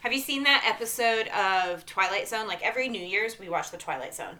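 A woman's voice: medium pitch, fairly quick. A woman co-hosting a podcast in casual chat, telling a story with acted-out quotes and frequent "right?" checks. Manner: animated, acts out quotes, asks "right?" often.

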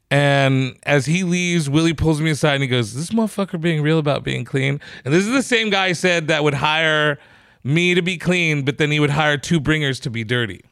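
Male comedian host; higher pitch, profane, animated, acts out quotes, dry close recording. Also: clear, resonant tone, dry recording. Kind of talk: casual storytelling chat.

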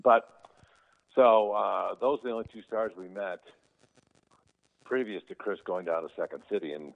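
A man with a very deep voice tells stories in a relaxed, lively way, jumping up in pitch when he quotes people. His voice comes through a thin, phone-like line. It sounds like a chatty remote interview. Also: moderate pace, gravelly. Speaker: guest telling stories about his brother. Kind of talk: casual anecdotal storytelling.

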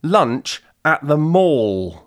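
A man's voice: a little high, very animated, drawn-out words, fairly bright tone. A man co-hosting a podcast, chatting casually and playfully with frequent restarts. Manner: playful, jokey, hesitant restarts. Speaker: podcast co-host. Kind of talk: casual chat.

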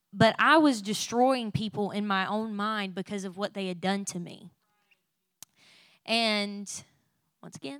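A woman's voice: medium pitch, sharp tone, clean tone, no room sound. A young adult woman sharing a personal faith testimony in an emotional, candid way, with frequent "like" fillers. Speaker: Christian speaker sharing a testimony.

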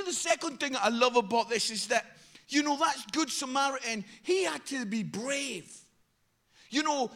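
A male preacher delivering an impassioned sermon in a strikingly high, bright voice. He drives his points home with repeated exhortations, his tone forceful and ringing. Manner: impassioned, repetitive exhortations, acts out quoted voices.

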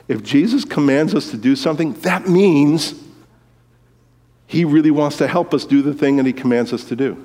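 Male pastor, mid-pitched, animated sermon delivery, big hall echo. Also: a little fast. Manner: animated, swings from loud exclamations to quiet, low asides.

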